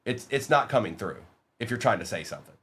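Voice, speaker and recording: A man with a fairly low, slightly bright voice and lively intonation hosts a live-streamed trading card break. In casual chat, he greets viewers by name and quickly reads out lists of players.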